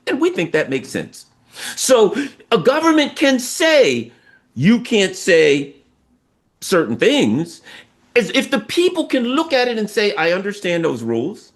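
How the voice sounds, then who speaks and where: A man's voice: high voice, measured pace. A man from the United States, a political commentator talking casually and emphatically, acting out what others say. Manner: animated, emphatic, acts out quoted voices.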